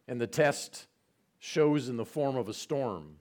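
Male pastor, conversational sermon, animated pitch, repetitive asides. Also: unhurried. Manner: retells scenes with repetition and asides.

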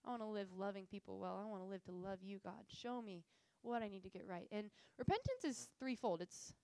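A woman's voice: mid-range voice, a little fast, clean tone, no echo, poor audio. A young woman giving a casual, earnest faith talk to a group, telling stories with lots of fillers. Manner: earnest, animated storytelling with frequent fillers. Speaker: missions speaker.

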